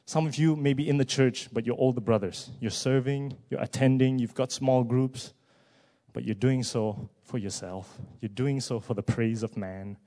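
A man preaching a sermon, asking many rhetorical questions and moving between hushed words and loud rising emphasis. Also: medium pitch, moderate pace.

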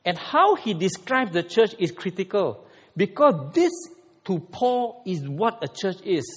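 Male pastor, fairly high and lively voice, preaching in an echoing sanctuary. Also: measured pace, husky. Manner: animated preaching with sudden emphatic rises. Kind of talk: sermon.

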